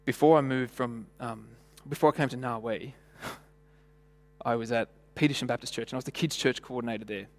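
A man's voice: medium pitch, brisk, creaky. A man preaching a sermon in a church, conversational and full of rhetorical questions and stories. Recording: long hall reverb.

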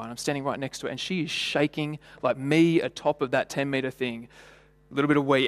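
A man's voice: a little high, fast talker. A man preaching a sermon in a church, conversational and full of rhetorical questions and stories. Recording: long hall reverb.

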